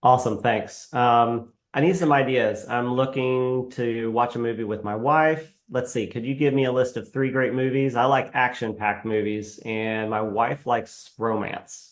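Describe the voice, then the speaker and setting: A man hosts a live webinar, walking through a software demo in a relaxed, halting way full of ums. His voice sits mid-range and rings in an echoey room. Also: medium pitch. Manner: casual, halting, with frequent fillers. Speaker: webinar host.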